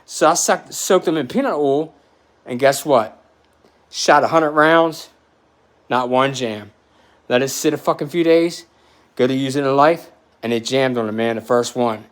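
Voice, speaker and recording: A man in his forties telling a story in a podcast chat, animated and profane, getting emotional as he talks. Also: medium pitch, unhurried, long pauses. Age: 40s.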